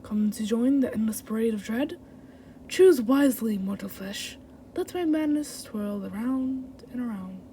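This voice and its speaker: A woman voicing a menacing shadowy female spirit with a put-on Russian accent, taunting in a low, hushed whispered role-play. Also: measured pace, slight background noise, lightly acted.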